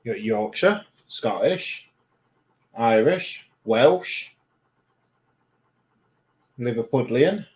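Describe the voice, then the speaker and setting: East Midlands man, livestream co-host, teasing jokester, very animated sing-song delivery. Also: medium pitch, drawn-out words, long pauses. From Lincolnshire, England. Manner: jokey, teasing banter. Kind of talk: casual livestream chat.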